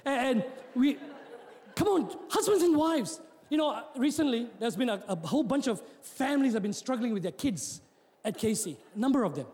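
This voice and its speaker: High-voiced preaching pastor, man. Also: lively intonation, moderate pace. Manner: preaching with joking asides, rising to shouts; repeats and restarts words. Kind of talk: sermon. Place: church hall. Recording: long hall reverb.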